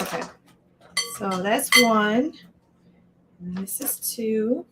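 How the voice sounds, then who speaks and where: A woman's voice: mid-range voice, extremely slow, long pauses, very noisy. A woman hosting a casual live cooking stream from her home kitchen, chatting to viewers by name while she chops. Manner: chatty, greets viewers by name mid-task. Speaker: livestream cooking host.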